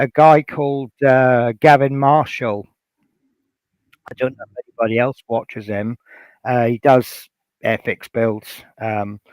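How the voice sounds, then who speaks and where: A man's voice: mid-range voice, darkish tone, clean tone, no room sound. A man from Norfolk hosting a casual hobby livestream, rambling and reading out chat messages with lots of fillers. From Norfolk, England. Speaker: livestream host.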